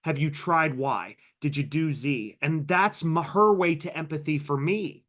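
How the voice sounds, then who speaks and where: A man's voice: a little high, unhurried, fairly bright tone. A man teaching a live online workshop on a video call, upbeat and conversational, calling out participants by name and sharing personal stories. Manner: upbeat, reads participant names from chat. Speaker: workshop trainer. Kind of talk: live online training session.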